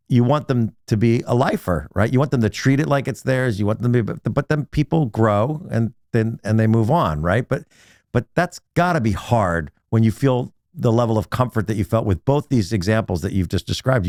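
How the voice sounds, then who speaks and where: A man's voice: mid-range voice, a little mellow, no echo, clean studio sound. A man hosting a podcast, asking long, reflective questions in a casual, rambling way and checking in with "right?". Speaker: podcast host. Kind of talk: casual interview chat.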